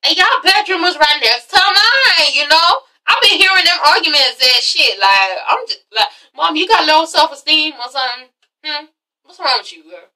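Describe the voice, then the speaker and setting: A sassy teenage daughter, as a woman puts her on, blunt and pointed in a high, bright voice. It sounds a little distant from the mic. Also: expressive, normal speed, exaggerated voice.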